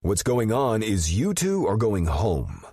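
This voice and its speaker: A man voicing a gruff, hot-tempered adult male assassin in an audiobook, talking in curt, cursing growls. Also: low voice, very animated, normal speed, dark tone, no room sound, studio quality, voice pushed up, heavily acted. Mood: stern. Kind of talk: audiobook character voice.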